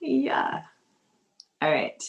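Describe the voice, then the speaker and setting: A woman hosting an online group singalong over a video call, greeting people quickly and giving announcements in an upbeat, casual way. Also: fairly high pitch, gravelly, dull audio.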